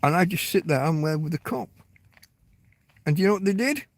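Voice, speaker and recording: A man's voice: high-pitched, expressive, fairly quick. A middle-aged man from England telling a personal story to camera in a rambling, emotional way, swearing often and restarting his sentences. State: tearing up. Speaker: vlogger. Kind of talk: casual storytelling monologue.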